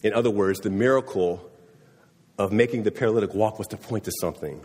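A man's voice: fairly low pitch, fast, darkish tone, husky, in a large hall. A man preaching a sermon in a conversational way, often checking in with his listeners. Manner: conversational, often asking "right?". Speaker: pastor.

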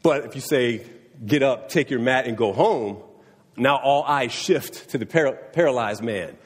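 A man of middle pitch preaches a sermon, talking plainly and often asking his listeners "right?". His voice has a husky edge. It rings out with the long reverb of a church hall. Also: measured pace. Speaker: pastor.

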